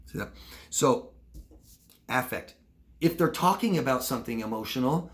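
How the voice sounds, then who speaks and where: A man's voice: medium pitch, expressive, moderate pace, long pauses. A man working as a relationship coach, explaining in a conversational, instructional way and acting out short examples. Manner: conversational, acts out short demonstrations of lying and truth-telling. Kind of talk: instructional talk to camera.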